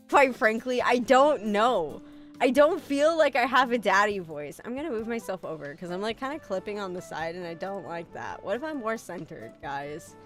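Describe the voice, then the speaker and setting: Lively, animated woman streamer. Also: a little high. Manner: animated, swearing, self-mocking, reads chat aloud. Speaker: VTuber streamer. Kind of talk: casual live-stream chat.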